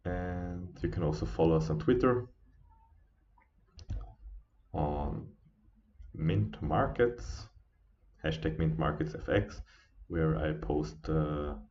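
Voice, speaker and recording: A tired man talking casually through a live trading stream as its host, halting with many fillers and restarts. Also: extremely low pitch, animated, a little mellow. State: sleepy, yawning. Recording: dull lo-fi stream audio.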